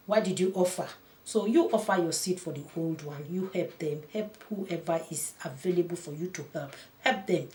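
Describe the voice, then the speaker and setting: A woman pastor delivering a sermon, earnest and emphatic, her voice rising to loud peaks. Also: fairly low pitch. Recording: echoey room.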